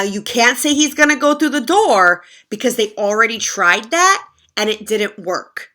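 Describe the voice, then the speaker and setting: A woman's voice: mid-range voice, sharp tone. A woman teacher reading a picture book aloud to children and asking them questions as she goes. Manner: asks the children questions directly. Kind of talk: children's read-aloud lesson.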